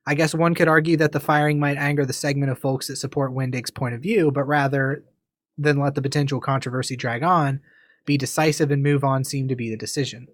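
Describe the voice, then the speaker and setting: Dry, deadpan male podcast co-host. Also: medium pitch, fairly quick, dry recording. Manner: reads listener comments aloud in an even, deadpan way. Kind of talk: casual chat.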